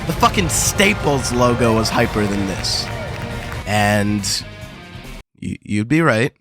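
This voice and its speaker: A man's voice: mid-range voice, big pitch swings, slow, music in the background. A young man hosting a gaming video, delivering sarcastic, crude commentary full of profanity and mock drama.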